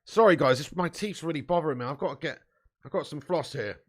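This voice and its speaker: A man hosting a live football watch-along, commenting on play, cheering loudly and chatting casually with viewers. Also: fairly high pitch, a little fast. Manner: excitable, bursts into loud cheering, swears freely, chats to viewers. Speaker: fan watch-along host.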